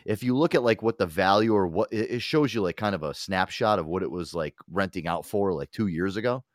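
A man with a lowish voice hosts a podcast, chatting in a loose, rambling way. He swears freely and fills gaps with likes and ums, recorded dry and close. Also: a little fast, no echo. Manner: rambling, profane, many fillers. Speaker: podcast host. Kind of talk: casual chat.

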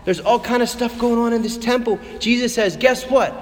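A man preaching a sermon in a church, passionate, his voice dropping to a hush and then rising again. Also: very high-pitched, steady tone, a little fast, in a large hall. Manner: impassioned, swings between hushed and raised. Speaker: priest.

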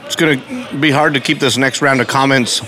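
A man's voice: medium pitch, steady tone, fairly quick, bright, forceful tone. A playful man chats his way through a taco tasting. He recorded outdoors in a town. He teases his friends and calls out what they are eating. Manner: playful, jokey, narrates what others do. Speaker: co-host of a food review show. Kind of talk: casual food-tasting chat.

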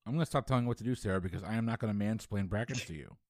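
A man's voice: fairly low pitch, racing, no echo, studio quality. A man co-hosting a casual podcast, giving opinionated takes with jokes and fillers. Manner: opinionated, joking, hesitant fillers. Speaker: podcast co-host.

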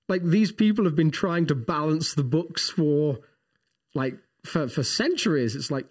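A man, co-hosting a casual theology podcast and telling rambling, animated stories full of restarts. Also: on the high side, moderate pace, breathy edge. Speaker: podcast co-host, pastor.

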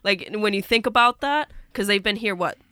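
A woman's voice: medium pitch, moderate pace, pushed and bright, clear, resonant tone, no room sound, studio quality. A young woman co-hosting a casual sports podcast, chatty and laughing often, with lots of "like" fillers. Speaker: podcast co-host.

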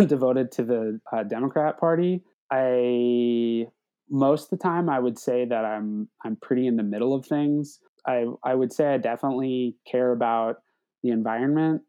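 A young man talks through his thoughts as a podcast guest, his voice warm and mellow. He hesitates often, repeating words and restarting his sentences as he works out what he means. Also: medium pitch. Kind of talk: reflective conversational talk.

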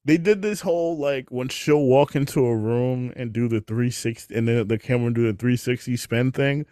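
A man's voice: mid-range voice, normal speed, mellow, clear, resonant tone, no room sound, studio quality. A man hosting a podcast, chatting casually and animatedly, swearing freely and laughing often. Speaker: podcast host. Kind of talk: casual chat.

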